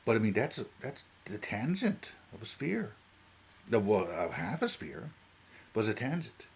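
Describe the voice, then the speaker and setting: Deep-voiced Newfoundland guy, late forties, rambling unprepped vlog. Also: very animated, normal speed, gravelly, slight background noise. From Newfoundland, Canada. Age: 40s. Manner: rambling, jumps between tangents, keeps asking "right?". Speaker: vlogger. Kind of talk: unscripted talk to camera.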